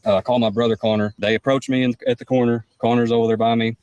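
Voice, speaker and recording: A man's voice: mid-range voice, level tone, fast, a little mellow, smooth, far from the mic, lo-fi sound. A man recounting his arrest in a blunt, profane way. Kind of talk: personal account.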